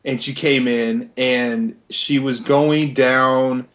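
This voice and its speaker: A man's voice: medium pitch, steady tone, takes it slowly, fairly bright tone. A young man with a midrange voice tells a story at an easy pace. He is laid-back and profane, with plenty of fillers along the way. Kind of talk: casual chat, storytelling.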